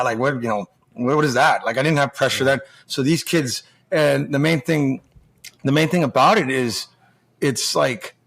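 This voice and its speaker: A man in his forties tells loose stories as a podcast guest at a middle pitch, rambling and restarting as he goes. He swears freely and acts out the other voices in his stories. His delivery is casual and conversational. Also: fairly bright tone. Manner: rambling, profane, acts out quoted dialogue. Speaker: podcast guest, former pro hockey player now junior coach. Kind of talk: casual storytelling chat.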